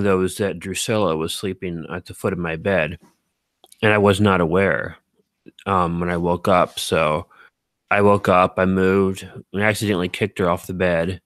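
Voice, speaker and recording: A man's voice: sits low, dry recording. A man chatting casually on a live stream, reading out viewer comments, rambling with lots of fillers and self-corrections and poking fun at himself.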